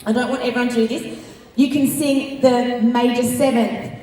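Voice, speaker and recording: A woman's voice: a little high, fairly even intonation, normal speed, dark tone, a little hiss or hum. A woman vocal coach leading a live workshop in an auditorium, upbeat and encouraging, breaking into sung demonstrations. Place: large auditorium with a crowd of singers. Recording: echoey auditorium from far off with singing behind.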